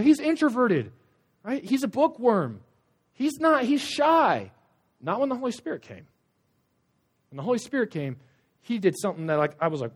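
A young man preaching a sermon to students, animated, swinging between loud emphatic lines and hushed asides. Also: on the high side. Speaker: youth pastor.

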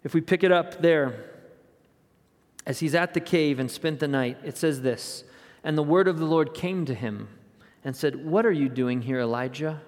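A man's voice: on the high side, moderate pace, long pauses. Man preaching in a long-echoing hall. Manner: conversational storytelling preacher, drops to hushed tones for emphasis. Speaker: pastor. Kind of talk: sermon.

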